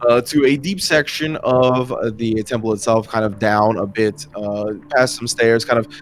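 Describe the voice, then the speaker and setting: A man's voice: medium pitch, fairly even intonation, normal speed, a little hiss or hum. A man narrating a tabletop game as game master in a casual way, with many fillers.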